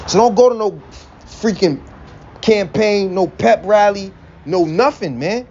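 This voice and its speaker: A man's voice: sits high, very animated, measured pace, a little mellow. A man in a blunt, profane, preachy rant, quoting scripture and laughing between points. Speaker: religious vlogger. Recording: dull lo-fi recording with faint vehicle noise.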